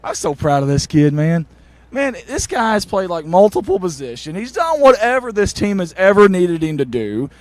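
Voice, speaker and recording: A man's voice: high-pitched, moderate pace, no room sound. Man, sideline reporter, eager and effusive, outdoors on a football field. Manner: excited, warm toward players, repeats "I'm gonna tell you something". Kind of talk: postgame field interviews.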